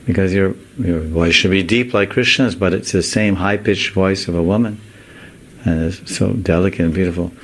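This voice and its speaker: A man's voice: sits low, normal speed. A man voicing anxious young female cowherd friends, fretful and pleading. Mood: puzzled.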